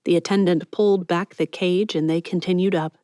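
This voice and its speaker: A woman narrating an audiobook in measured, even storytelling. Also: fairly low pitch, no room sound, studio quality. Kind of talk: scripted narration.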